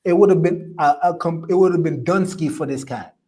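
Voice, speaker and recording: Male streamer host, slightly high voice, preachy and emphatic, repeats lines for effect. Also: fairly quick, dark tone. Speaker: podcast host reading live comments. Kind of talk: opinionated live-stream commentary.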